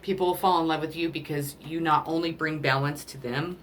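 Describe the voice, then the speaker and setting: A woman doing a spiritual card reading, emotional and rambling, often pausing to apologize as she talks to the listener about love. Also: low-pitched, steady tone, slight background noise. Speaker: tarot card reader.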